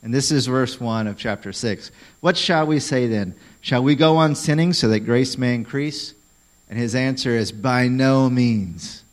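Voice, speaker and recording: A man's voice: mid-range voice, moderate pace, low-quality recording. A man preaching a sermon in a conversational, emphatic way, often asking the congregation questions. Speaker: pastor.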